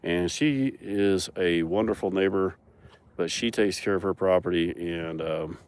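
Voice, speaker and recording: A young man with a fairly low voice tells his farm story with lively energy and frequent laughs. He talks outdoors on a mountain farm, close to a phone camera. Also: a little slow, clean tone. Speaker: farmer and animal owner. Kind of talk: casual storytelling vlog.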